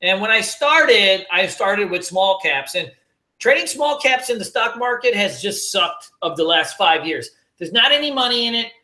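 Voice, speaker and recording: A man's voice: sits high, lively intonation, normal speed, sharp tone, reverberant. A man hosting a casual trading livestream, joking, slangy and swearing as he answers viewers. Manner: laid-back, joking, slangy, swears and laughs often.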